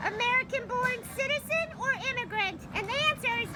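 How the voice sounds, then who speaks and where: A man's voice: very high-pitched, brisk, a loud crowd. A man voicing a chipper male groundhog puppet who gushes giddily over his hero. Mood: chatty. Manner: gushing and giddy. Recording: loud background noise with traffic.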